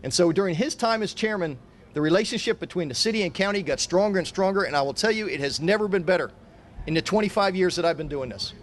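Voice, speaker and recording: Middle-aged man, high voice, formal podium speech as mayor, emphatic and repetitive, faint room noise. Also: animated, fast.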